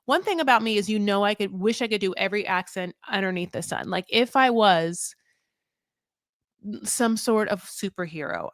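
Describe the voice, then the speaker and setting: A woman's voice: mid-range voice, no room sound, studio quality. A woman hosting a live recap, talking casually and rambling with lots of fillers, tangents and playful self-mocking asides. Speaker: host of a live show recap. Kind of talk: casual live-stream chat.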